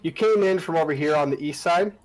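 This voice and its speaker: A man's voice: a little high, fairly quick, low-quality recording. Rambling man running a tabletop game. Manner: rambling, many fillers and restarts. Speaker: dungeon master.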